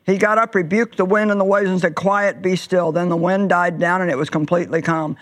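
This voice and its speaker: A woman's voice: fairly low pitch, fairly even intonation. A woman preaching a sermon, telling stories emphatically and stretching words for effect. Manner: emphatic storytelling with drawn-out words and sudden swells.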